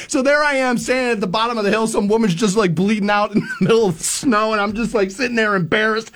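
A man hosting a radio show, telling a story casually and acting out quotes in loud bursts. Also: sits high, a little fast.

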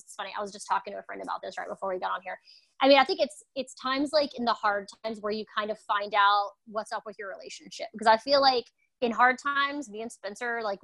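A woman's voice: fairly high pitch, fairly bright tone, dry recording, poor audio. A woman talking candidly and intensely in a casual conversation as co-host.

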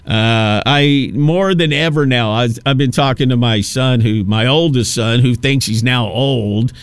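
A man in his fifties hosts a talk radio show and rambles through a casual on-air monologue. He talks at a middling pitch, wanders off on asides, and restarts his sentences often. His voice sounds close and dry, with no room echo. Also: measured pace, smooth. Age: 50s.

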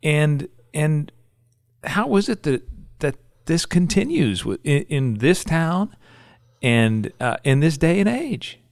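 A male interviewer with a very expressive, lively pitch speaks in a close, dry-sounding room. He listens with frequent brief affirmations, then turns earnest when voicing his own opinion. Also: slow pace, gravelly, dry recording. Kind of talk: conversational interview.

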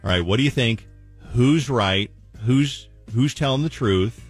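A man hosting a radio show, chatty and energetic, talking to listeners and callers. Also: medium pitch, measured pace, husky, soft background music. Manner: energetic, chatty, acts out voices. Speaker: radio morning show host.

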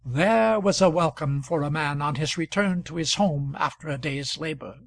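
A man reading a classic novel aloud in a measured, even narration. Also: fairly high pitch, no room sound. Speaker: audiobook reader.

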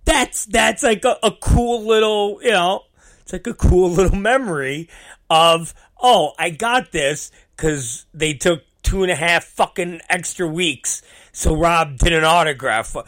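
A man's voice: sits high, measured pace, a bit bright. A man in a casual monologue, rambling and self-deprecating, swearing freely as he goes.

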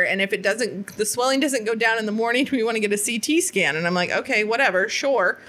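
A young woman casually telling a story, animated and swearing freely, acting out quoted lines as she laughs. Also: a little high.

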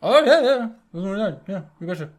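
Guy putting on a loud old midwest sailor, thick accent, high voice. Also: big pitch swings, fast talker. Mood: eager. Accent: Upper Midwest. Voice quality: thick drawl, exaggerated folksy speech. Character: folksy old male boat captain, Upper Midwest.

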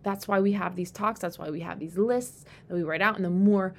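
A woman hosting a solo podcast, talking candidly and rambling, swearing freely and getting animated when she quotes herself. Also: brisk. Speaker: podcast host. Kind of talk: casual solo podcast monologue. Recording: faint background rumble.

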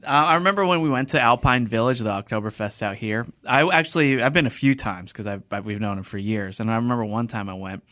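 A man hosting a podcast in casual chat, telling stories with lots of laughs and animated bursts. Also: medium pitch, quick pace, hardly any pauses, no room sound, studio quality. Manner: animated storyteller, laughs often. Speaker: podcast host.

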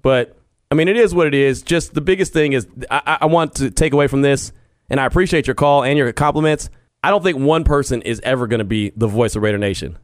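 A man's voice: mid-range voice, quick pace, no echo, studio quality. A man hosting a casual sports podcast from home, talking earnestly with frequent restarts and easy laughs. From Texas. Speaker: podcast host. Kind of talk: casual sports talk monologue. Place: home studio.

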